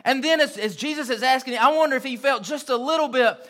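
A male preacher delivers an evening sermon fast, in an earnest, emphatic style. His voice is high, bright, and forceful, and he repeats key phrases for emphasis.

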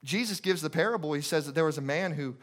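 A male preacher with a fairly high voice delivers an urgent sermon, repeating short phrases for emphasis. He moves between quiet storytelling and forceful appeals. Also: quick pace.

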